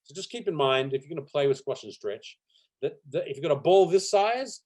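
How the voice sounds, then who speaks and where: A middle-aged man with a fairly high, brisk voice teaches animation during a live online workshop held over video call. He talks in a loose, friendly way, using many fillers and soft laughs.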